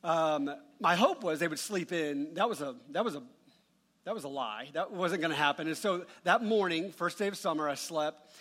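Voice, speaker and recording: A man's voice: a little high, moderate pace, fairly bright tone. Man preaching with a humorous storytelling touch. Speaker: pastor. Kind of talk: sermon with a personal story. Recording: long reverb of a large church hall.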